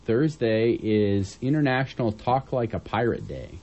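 Southern illinois guy cohosting local radio news, laid back, jokey, mid-pitched voice. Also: big pitch swings, moderate pace, darkish tone, muffled recording. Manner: easygoing, joking, rambling asides. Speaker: community radio news co-host. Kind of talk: casual on-air chat and listings.

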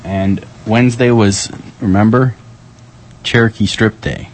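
A man's voice: fairly low pitch, measured pace, a little hiss or hum, rough recording. A man hosting a community radio show, chatting casually and jokily as he reads out the day's events. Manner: playful, jokey, reading calendar items with lively ups and downs.

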